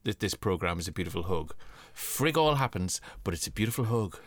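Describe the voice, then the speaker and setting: A man's voice: deep voice, animated, brisk, no room sound. A man co-hosting a comedy podcast about old television, rambling off on tangents and laughing often. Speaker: podcast co-host. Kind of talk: casual comedic chat reviewing old TV.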